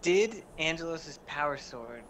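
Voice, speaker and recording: A man's voice: fairly high pitch, animated, unhurried, crowd noise. A man playing at a tabletop game, asking short, dry questions. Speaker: player. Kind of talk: casual table talk.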